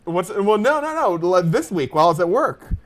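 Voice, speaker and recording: Male host, high and very animated, casual laughing banter. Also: fairly quick. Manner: animated, laughing, rambling with restarts. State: tired. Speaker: show host. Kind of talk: casual chat.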